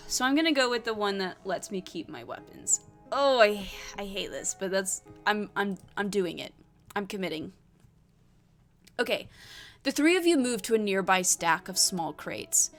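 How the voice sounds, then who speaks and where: A woman's voice: medium pitch, sing-song, normal speed, faint music behind. A woman playing a solo tabletop adventure, reading it aloud and hesitantly thinking through her choices. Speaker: solo tabletop game player.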